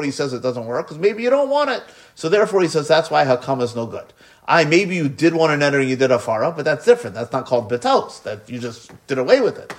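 A man teaching a Talmud lesson, sprinkling in Hebrew study terms and rising in pitch as he poses questions. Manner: animated, rising pitch when posing questions.

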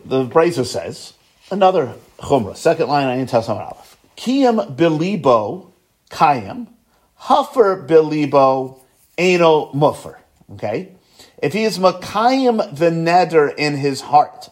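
A man with a fairly high, somewhat dark voice gives a Talmud study lecture. He slowly chants Aramaic phrases, then explains them rapidly in English, checking in with "right?" and "okay?"

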